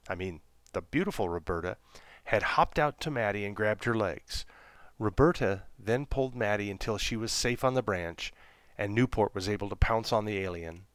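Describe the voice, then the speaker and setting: A man reading a serialized children's story aloud in a gentle, unhurried storytelling manner. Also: mid-range voice, no echo. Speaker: narrator.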